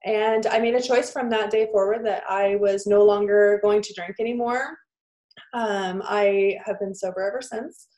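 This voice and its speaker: A woman's voice: medium pitch, steady tone, normal speed, darkish tone. A woman in her thirties, a trauma therapist, tells her personal story in an interview in an earnest, emotional way, with lots of "like" fillers. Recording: roomy echo.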